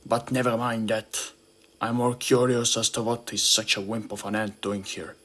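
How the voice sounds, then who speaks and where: A man voicing a huge, bullying young male Hercules beetle who yells and mocks loudly. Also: fairly low pitch, level tone, moderate pace. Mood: scornful. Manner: loud, mocking, yelling.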